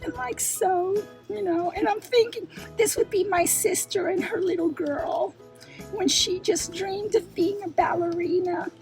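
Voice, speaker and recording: Very high-voiced gushing woman craft host. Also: a little slow, a little mellow, faint music behind. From New York. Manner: gushing, exclaims often, goes off on tangents. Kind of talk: unboxing vlog chat.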